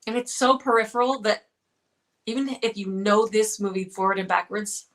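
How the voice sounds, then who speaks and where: A woman co-hosting a casual live-stream chat, chatty and quick to laugh. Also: mid-range voice, fairly bright tone.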